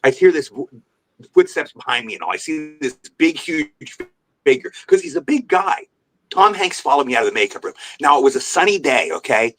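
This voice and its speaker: An older man rattles off show-business anecdotes at a brisk clip on a podcast. He tells them with animated energy, and his pitch sits in an ordinary middle range. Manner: animated anecdotal storyteller, jumps into voices for quotes. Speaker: guest actor. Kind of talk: podcast interview storytelling. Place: remote podcast call.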